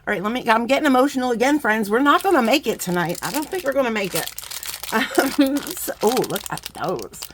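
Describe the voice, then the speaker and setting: A woman's voice: a little high, expressive, brisk. Middle-aged lady rambling thru a beading unboxing, gets emotional, laughs a lot, faint hiss behind. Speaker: beading vlogger. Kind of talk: casual chat unboxing.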